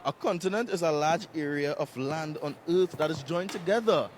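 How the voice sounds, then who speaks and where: A man's voice: a little high, normal speed, noisy background. A man interviewing passers-by on a city street in a playful, teasing quiz style. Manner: playful, teasing, sing-song questioning.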